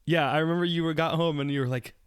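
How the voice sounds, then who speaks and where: A man's voice: on the high side, fairly even intonation, fast, clear, resonant tone, no echo, studio quality. A man co-hosting a podcast, chiming in with questions and short affirmations. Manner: attentive listener, short affirmations and laughs. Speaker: podcast co-host. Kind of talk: casual chat.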